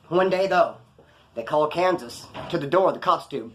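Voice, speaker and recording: A man's voice: fairly high pitch, lively intonation, moderate pace, slight background noise. A man in a casual vlog, telling stories from prison in a rambling, profane, slangy way. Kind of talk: casual storytelling to camera.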